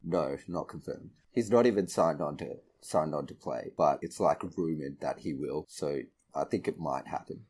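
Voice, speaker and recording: A man's voice: very deep voice, moderate pace, few pauses, a little mellow, breathy edge. A man co-hosting a podcast, laid-back, swearing casually and laughing often. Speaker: podcast co-host. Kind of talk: casual chat.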